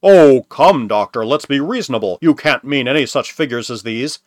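A man reading a novel aloud, voicing a scheming male businessman who speaks smoothly and persuasively. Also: mid-range voice, lively intonation, normal speed, no room sound, studio quality, lightly acted. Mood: pleading. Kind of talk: audiobook reading.

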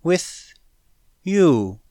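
A man voicing a mysterious catlike alien woman who speaks slowly in broken, hushed phrases. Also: fairly high pitch, big pitch swings, no room sound, clean studio sound, voice pushed up, exaggerated voice. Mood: halting, hushed. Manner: halting broken speech, slow and hushed.

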